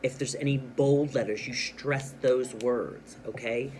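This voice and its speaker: During a reading lesson for kids, a man performs a storybook expressively, leaning on words and pausing, before explaining his technique in plain terms. He has a steady, mid-range voice, and the background is noisy.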